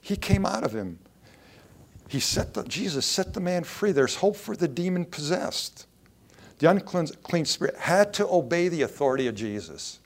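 A man's voice: on the high side, sing-song, normal speed. A male pastor preaching a sermon, quoting scripture and raising his voice for emphasis.

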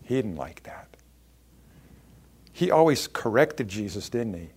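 A man preaching a sermon, expressive and acting out the people he quotes. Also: on the low side, unhurried, pauses often, husky. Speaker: pastor.

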